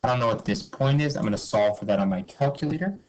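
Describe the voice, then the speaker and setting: A man's voice: medium pitch, quick pace, darkish tone, dull audio, slight background noise. A man teaching a math review lesson, upbeat and informal, talking through each step and asking himself questions. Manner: upbeat, explains step by step, asks and answers his own questions; informal, says okay and cool a lot.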